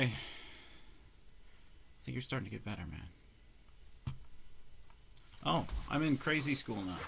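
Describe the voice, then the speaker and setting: A man vlogging in a loose, rambling way, swearing often and swinging between loud bursts and mumbled, half-whispered asides. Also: lowish voice, vocal fry, slightly rough. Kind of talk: casual rambling vlog talk.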